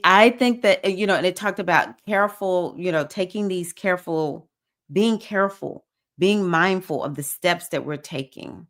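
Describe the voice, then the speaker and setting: Southern-accented woman hosting a live chat. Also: lowish voice. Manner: warm, encouraging, reads comments aloud and cheers viewers. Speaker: spiritual teacher hosting a live session. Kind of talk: casual live-stream chat.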